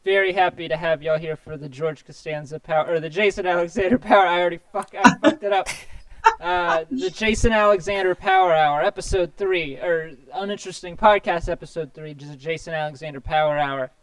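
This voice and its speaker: A man hosting a podcast in casual chat, rambling and self-deprecating, his voice slightly hoarse. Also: a little high, steady tone, fairly quick, a bit bright. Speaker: podcast host.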